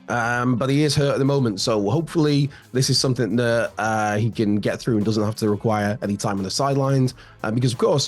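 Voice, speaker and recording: A man with a slightly raspy voice hosting wrestling news in a casual, chatty way, full of fillers and restarts. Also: medium pitch, darkish tone.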